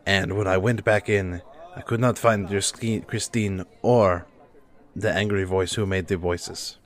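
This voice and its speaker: Man, tabletop player, low pitch, halting, formal. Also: fairly even intonation.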